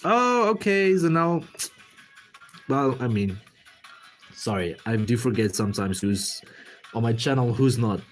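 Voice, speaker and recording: A relaxed man talking in a loose, meandering way as he works on a drawing for a livestream. His voice sits at an ordinary middle pitch, and soft music plays faintly behind him. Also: measured pace, pauses often. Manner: rambling, easygoing, talks while working. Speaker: artist streaming while drawing. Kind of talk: casual livestream chat.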